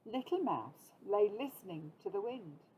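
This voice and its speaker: A British woman teacher reading a story aloud to young children, gently inviting them to make sounds. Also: medium pitch, sing-song, unhurried, slight background noise, poor audio. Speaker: primary school teacher.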